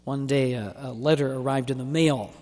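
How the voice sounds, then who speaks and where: A man preaching a sermon in an emphatic, deliberate way, stretching out key words. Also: mid-range voice, fairly even intonation, a little mellow. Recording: long hall reverb.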